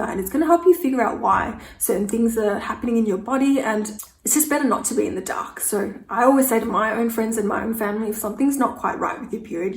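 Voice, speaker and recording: A woman's voice: on the high side, roomy sound, rough recording. A woman, telling a personal story to camera in a frank, chatty way full of "like". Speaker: vlogger.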